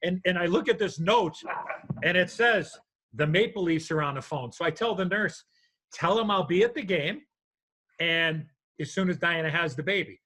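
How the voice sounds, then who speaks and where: An older man telling a story on a podcast, his voice bright and a little high, and he acts out every character as he goes. Lively and animated, he's a natural storyteller in easy chat. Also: moderate pace, rough recording. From United States. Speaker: podcast co-host.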